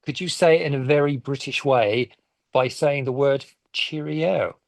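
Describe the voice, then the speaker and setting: A man's voice: mid-range voice, unhurried, gravelly, dry recording. A man hosting an interview, friendly and affirming, with playful teasing of his guest. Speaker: host. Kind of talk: casual interview chat.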